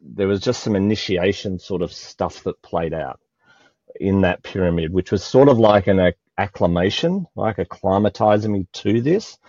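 An Australian man speaks in a low, mellow voice, emotional and often searching for words as he describes a spiritual experience. The audio is dull and dry, with no room sound. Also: moderate pace, no echo. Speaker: guest. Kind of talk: spiritual conversation.

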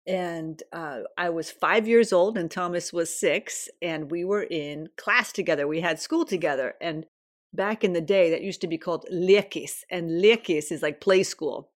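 A woman's voice: on the low side, normal speed. A woman in her fifties hosting a podcast at home, telling personal stories in a chatty, casual way. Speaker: podcast host.

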